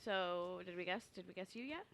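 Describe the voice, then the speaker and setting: A woman comedian hosting a podcast, teasing her co-hosts with quick questions in casual chat. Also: lowish voice, lively intonation, a bit bright, no room sound. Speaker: stand-up comedian and podcast host.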